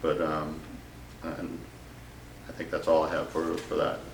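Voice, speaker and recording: A man giving a press briefing update on hospital figures, speaking in a halting, unhurried way with many fillers. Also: very deep voice, completely flat delivery, creaky. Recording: echoey, distant mic with faint noise.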